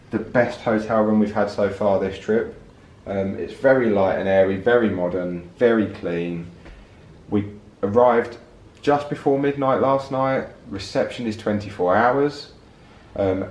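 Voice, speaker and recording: A man's voice: lowish voice, darkish tone, reverberant. A man chatting casually to camera as he tours and narrates a travel vlog. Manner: chatty and informal, touring to camera. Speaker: travel vlogger.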